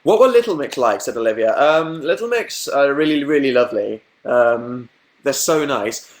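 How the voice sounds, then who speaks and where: A man's voice: animated, normal speed. A young man chatting casually on a livestream, telling stories, reading comments and laughing often. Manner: chatty storytelling, acting out quotes in higher voices, laughing. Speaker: livestream host.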